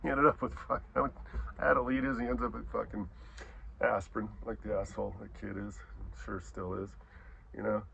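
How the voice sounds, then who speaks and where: A man's voice: lowish voice, level tone, normal speed, creaky, fairly bright tone, a little hiss or hum. A middle-aged man telling a profane, rambling story in a casual way, adding sound effects. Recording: dull lo-fi recording.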